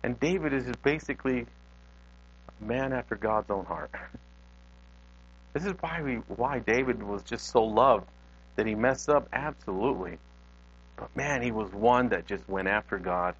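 A man's voice: mid-range voice, moderate pace, long pauses. A male pastor giving a conversational sermon in a church, talking directly to his congregation, in a dull lo-fi recording.

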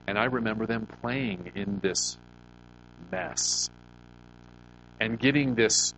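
Man, middle-aged pastor, sermon, conversational, asks the room questions, fairly low voice, humming background. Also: dull audio, slight background noise. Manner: folksy personal storytelling.

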